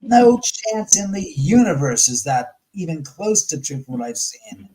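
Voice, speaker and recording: Blunt, animated man on a call. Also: on the high side, measured pace, crowd noise, rough recording. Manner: blunt, profane and animated, acting out quoted voices. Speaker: guest. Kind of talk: casual chat.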